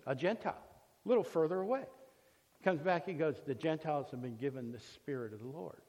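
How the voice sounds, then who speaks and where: The recording carries a long reverb, like a big hall, around a man whose voice is fairly high. He teaches the Bible casually as a storyteller would, pausing on fillers and restarting sentences often.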